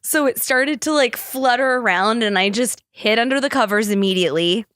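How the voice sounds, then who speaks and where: A woman's voice: fairly high pitch, moderate pace, fairly bright tone, dry recording, clean studio sound. A young woman hosting a podcast, telling stories casually, swearing freely and acting out quotes in squealing voices. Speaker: podcast host. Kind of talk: casual storytelling monologue.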